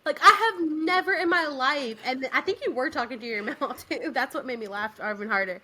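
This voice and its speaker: A young adult woman chatting casually on a podcast, her voice bright and forceful. She retells scenes in an animated, giggly way. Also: high voice, brisk. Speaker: podcast co-host. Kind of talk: casual chat.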